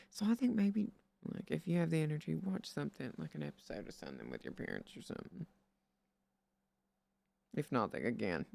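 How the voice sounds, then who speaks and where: A man's voice: mid-range voice, creaky, dry recording. A man streaming and chatting casually, rambling and swearing as he gives friendly advice in a playful put-on Southern drawl. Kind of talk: casual chat.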